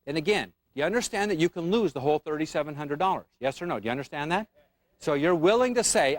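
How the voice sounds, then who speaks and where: A man's voice: fairly high pitch, lively intonation, fast talker, no room sound. A man teaching an options trading class, quizzing the room with frequent questions. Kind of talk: classroom lecture.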